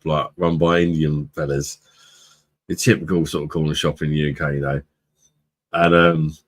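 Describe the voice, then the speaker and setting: British bloke with a low voice hosting a live stream, laid-back, laughs a lot, swears. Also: male voice. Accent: British English. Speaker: livestream host, beer reviewer. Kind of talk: casual live-stream chat.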